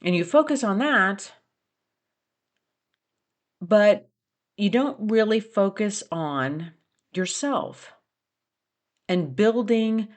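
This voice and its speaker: A woman's voice: medium pitch, animated, drawn-out words, pauses often. A middle-aged woman hosting a solo podcast, talking earnestly and challenging listeners with pointed questions. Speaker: podcast host. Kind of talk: reflective solo podcast talk.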